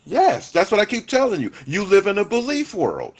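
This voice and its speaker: Brief: high-pitched man, combative and foul-mouthed, stubborn in debate. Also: huge pitch swings, normal speed. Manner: profane, insistent, repeats himself. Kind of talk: heated casual argument.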